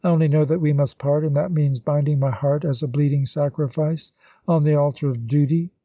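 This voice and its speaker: Man reading heartbroken young man, pained, wretched, mellow dark voice, slightly high. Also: fairly even intonation, brisk, no echo, lightly acted.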